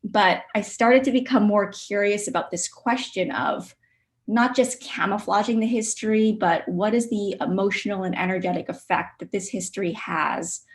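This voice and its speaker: A woman artist presenting her work on a video call, soft-spoken and reflective, with frequent ums. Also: medium pitch, moderate pace. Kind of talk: virtual studio visit presentation.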